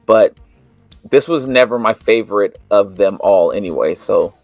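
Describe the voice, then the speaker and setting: A laid-back man co-hosts a casual chat, often stopping and restarting as he talks. His voice is low and gravelly, recorded dry and close. Faint music sits underneath. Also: normal speed, darkish tone, dry recording. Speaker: co-host of a toy news show.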